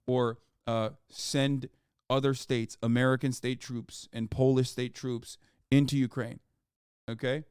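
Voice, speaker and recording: A man's voice: medium pitch, steady tone, normal speed, a little mellow, clean tone, dry recording, studio quality. A man streaming live, reading news aloud and reacting with profane, exasperated rants.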